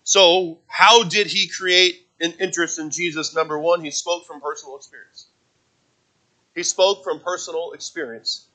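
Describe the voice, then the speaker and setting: A male pastor delivers a sermon in church, his voice high and bright. He tells a story with many restarts and fillers and breaks into shouted lines for the people in it. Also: steady tone, moderate pace, low-quality recording.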